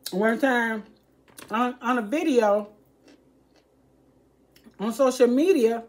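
An older woman, vlogging an earnest warning to her viewers, pleading and preachy and often repeating herself. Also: fairly high pitch. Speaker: home cooking vlogger.

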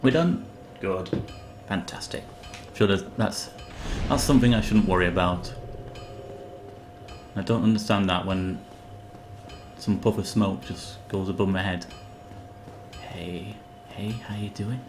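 A man's voice: sits low, measured pace, slight background noise. A man playfully commentating on a video game while he plays and talks to its characters. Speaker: gamer. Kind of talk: let's play commentary.

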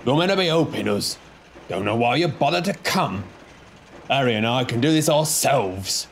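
A man voicing an overworked male diesel engine who scolds sharply in a fast, raised voice. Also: mid-range voice, lively intonation, slight background noise, pitched above the performer's own voice, lightly acted. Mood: snapping.

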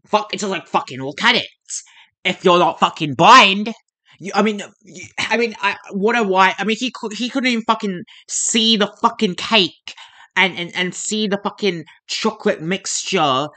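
A man's voice: high-pitched, moderate pace, sharp tone. A man hosting a reaction video, swearing heavily and ranting in exasperated bursts. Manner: heavy swearing, exasperated rants. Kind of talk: casual reaction commentary.

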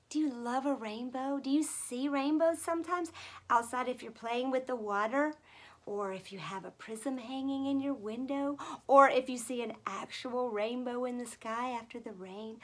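A woman teaches little children in a soft, unhurried voice that often falls to a whisper. Her pitch sits a little high and her pace is slow and patient. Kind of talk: gentle teaching for toddlers.

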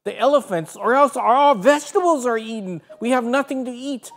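A woman's voice: a little high, moderate pace, soft background music, voice pushed up, natural voice. A woman voicing worried village men in a children's story, urgent and insistent.

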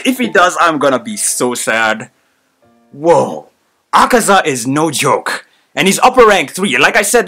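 A man hosting a reaction video, reacting out loud with frequent exclamations and lots of filler words. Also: fairly high pitch. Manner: excitable, exclaims often, many fillers. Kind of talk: live reaction commentary.

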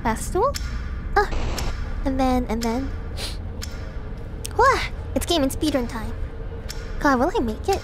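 Young woman, game streamer, high voice, chatty, easily startled, clear game music behind. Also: expressive, moderate pace, long pauses. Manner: chatty, jumpy, easily startled, swears when panicked. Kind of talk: casual game stream chat.

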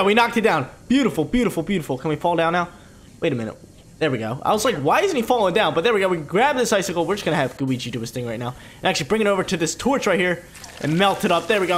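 A man with a high voice narrates his gameplay in an excitable, playful way. His pitch swings up and down as he talks. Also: fast, slight background noise. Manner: excitable, playful hype talk. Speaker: gaming commentator. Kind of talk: let's play commentary.

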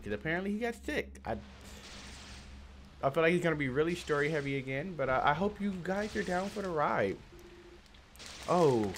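Excitable young man with lively pitch. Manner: excitable, reacts loudly, slangy and chatty. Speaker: gaming channel host. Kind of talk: casual let's-play commentary.

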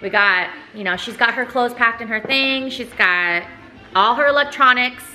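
A woman's voice: fairly high pitch, moderate pace, pushed and bright. A woman in her thirties chatting casually to her phone camera at home as a mom vlogger, talking with feeling and laughing often. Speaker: vlogger, mother. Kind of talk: casual vlog chat. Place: home, indoors.

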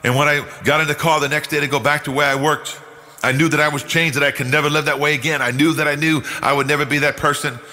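A man's voice: a little high, little pitch movement, fast, pushed and bright. An older man from New York telling his personal testimony in an earnest, emphatic way. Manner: earnest, emphatic, acts out quoted speech. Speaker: guest giving a testimony. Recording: long hall reverb.

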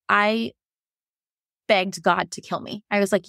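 Woman, 30s, guest sharing a hard birth story; gravelly, frank, emotional, dry close sound. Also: medium pitch, fairly even intonation, normal speed, a bit bright, no echo. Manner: emotional, frank, swears, many fillers. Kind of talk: candid personal storytelling.

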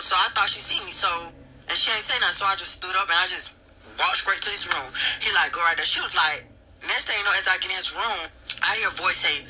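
A man telling a story in a casual, profane and animated way, acting out the lines of the people in it. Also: high-pitched, a little fast, soft background music, poor audio. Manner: profane, animated retelling with quoted dialogue.

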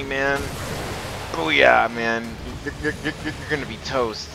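A young man giving excited gameplay commentary, often stammering and repeating himself. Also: medium pitch, a little slow, creaky. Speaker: let's play gamer. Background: game music.

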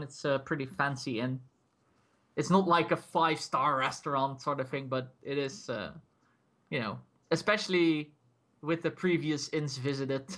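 A man's voice: fairly high pitch, sharp tone. A man running a tabletop game as game master, narrating loosely with lots of "like" and laughter. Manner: laughing, rambling with many "like"s.

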